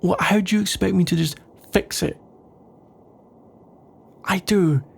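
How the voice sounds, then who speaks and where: A man playing a sarcastic young male office rival in an ASMR role-play, speaking in a dry, grumbling way with a gravelly voice. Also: high-pitched, steady tone, unhurried, full character voice.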